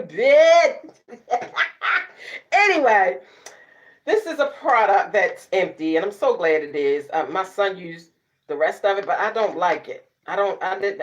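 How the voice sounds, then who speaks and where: A middle-aged woman vlogger, chatting casually to camera, sassy and loud, laughing often and cussing freely. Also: mid-range voice. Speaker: beauty vlogger.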